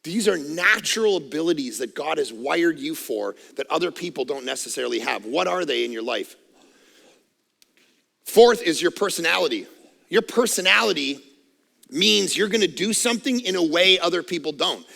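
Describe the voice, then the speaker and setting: A middle-aged man preaching a sermon on a headset mic, loud and energetic, with self-mocking humor. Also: a little high, normal speed, vocal fry, in a large hall. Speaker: pastor. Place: church auditorium. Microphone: headset microphone.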